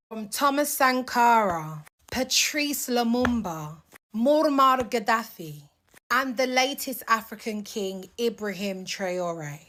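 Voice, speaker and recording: A woman's voice: fairly high pitch, bright, forceful tone. A woman giving an impassioned, rousing speech to camera. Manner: rousing, rallying. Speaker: social media commentator.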